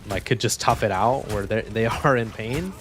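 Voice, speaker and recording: A man's voice: fairly low pitch, normal speed, slight background noise. A young man streaming a video game, chatting in a laid-back way with frequent swearing. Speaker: gaming streamer. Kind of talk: casual chat while streaming gameplay.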